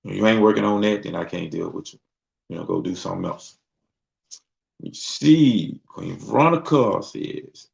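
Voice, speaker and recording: A Mississippi man hosts a casual talk show, chatting loosely and conversationally and slipping into voices to act out other people. His voice sits on the low side, animated and moderately paced with vocal fry. The recording has a dull, lo-fi sound.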